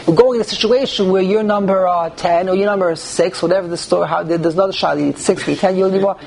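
A man's voice: high voice, a little fast, creaky, darkish tone. A man teaching a Torah class on prayer law to a small group, posing rhetorical questions and restarting sentences often.

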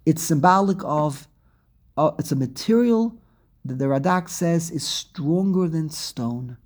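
A man's voice: fairly high pitch, lively intonation, unhurried, a little mellow. A man teaching a scripture study class, reading phrases aloud, translating them, and explaining step by step with restarts and asides to his students.

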